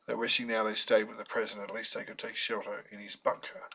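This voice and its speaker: A man's voice: on the low side, flat delivery, quick pace, gravelly, bright, forceful tone, breathy edge, low-quality recording. A man narrating a self-published story in a chatty, wry manner with humorous asides.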